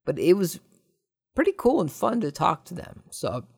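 Here the Southern California podcast host has a high-pitched, gravelly voice with a breathy edge, talking at normal speed. He goes through listener questions casually, rambling and joking, with sudden flashes of excitement.

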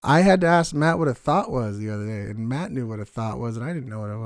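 A man in relaxed podcast banter, teasing his partner and laughing easily. His voice sounds dry and close, with no room around it. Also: mid-range voice, quick pace, dry recording. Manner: laid-back, teasing, laughs often. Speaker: podcast co-host. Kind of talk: casual chat.

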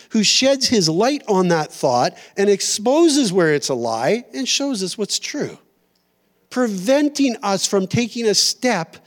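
A middle-aged pastor preaching a sermon in a church auditorium, conversational and storytelling, with self-deprecating humor. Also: male voice, high voice.

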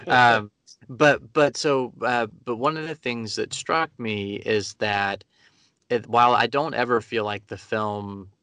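A man's voice: mid-range voice, fairly even intonation, takes it slowly, sharp tone, no room sound. A man in his thirties from Georgia, co-hosting an interview and thinking aloud in a reflective way. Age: 30s. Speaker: podcast co-host. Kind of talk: casual interview chat.

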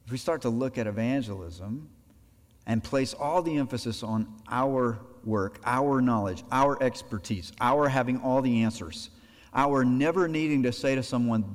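A male pastor giving a sermon, animated, voicing imagined conversations to make his points. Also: medium pitch, normal speed. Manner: animated preaching, acts out imagined dialogue. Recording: long hall reverb.

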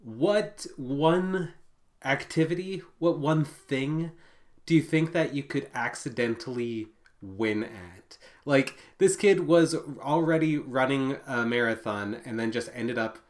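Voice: medium pitch, a little mellow. A podcast host in casual chat, leading the talk with hesitant restarts. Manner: unhurried, hesitant, lots of restarts.

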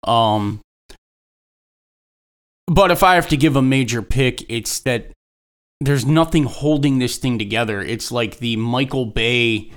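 A man's voice: medium pitch, unhurried, long pauses, smooth. A man speaking as a guest in a casual panel discussion, thoughtful and critical, restarting his sentences as he thinks.

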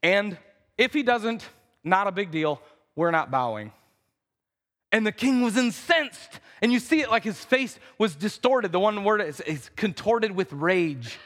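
A pastor preaching a conversational sermon in a church, acting out the quotes in voices. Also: male voice, high-pitched, expressive, a little slow, a bit bright. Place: church sanctuary. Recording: reverberant church hall.

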